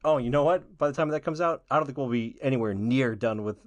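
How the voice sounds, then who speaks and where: A man co-hosting a podcast, raspy from a recent illness, chatting casually and laughing often. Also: medium pitch, fast, no room sound. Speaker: podcast co-host.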